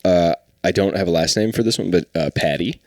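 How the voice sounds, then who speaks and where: A man's voice: deep voice, a little fast, dry recording, clean studio sound. A man co-hosting a comedy podcast, rambling through funny stories with lots of fillers. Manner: rambling, loose storytelling with many fillers. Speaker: podcast co-host. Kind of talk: casual comedic chat.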